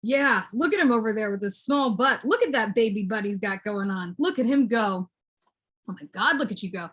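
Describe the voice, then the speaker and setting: Woman reading poetry in husky, lively baby talk. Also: normal speed. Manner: swings between high cooing baby talk and low muttered asides. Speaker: poet reading her work. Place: at home for an online book launch.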